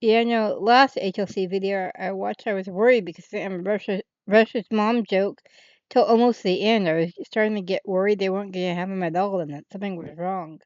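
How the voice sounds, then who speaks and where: A woman host chatting casually in relaxed asides as she reacts to a video. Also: mid-range voice, brisk, dry recording, dull audio.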